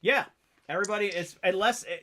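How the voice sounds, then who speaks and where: A man's voice: sits high, a little fast, sharp tone. A man narrating a tabletop game as game master, casual and full of fillers.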